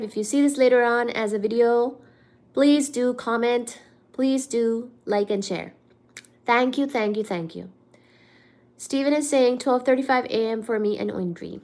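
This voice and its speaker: A woman's voice: a little high, moderate pace, a little mellow. A woman hosting a casual livestream, chatting with viewers and reading out their comments, a little stuffed up. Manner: chatty, reads out chat comments, playful singsong. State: a bit stuffed up. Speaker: livestream host.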